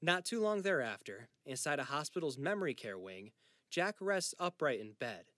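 A male narrator reading a scripted story in an even, descriptive manner. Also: a little high, moderate pace, dry recording, studio quality.

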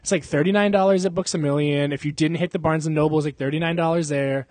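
Fast-talking and steady, with a slightly high, mellow voice and no echo, a young man hosts a laid-back podcast chat. He rambles, swears and breaks into laughter often.

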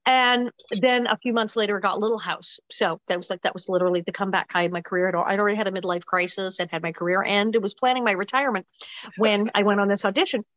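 An older woman, an actress, telling a lively story about her early career in an interview, full of quick asides and acting out the people she talks about. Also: mid-range voice, dry recording, low-quality recording. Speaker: actress guest. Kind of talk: animated anecdote telling.

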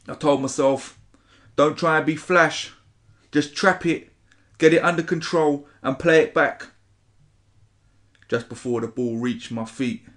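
A man's voice: mid-range voice, a bit bright. A man, a spoken word poet chatting casually and reading his poetry. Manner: swears casually, rambling, says "innit".

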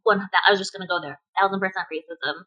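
A woman's voice: mid-range voice, steady tone, fast talker, muffled recording. A woman co-hosting a podcast in casual chat, chatty and opinionated, laughing often. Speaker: podcast co-host.

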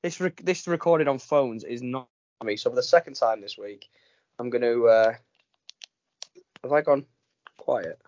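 A man hosting a podcast, reading out listener shout-outs in a rambling, self-mocking way and laughing often. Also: mid-range voice, moderate pace, dry recording, highs cut off. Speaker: podcast host.

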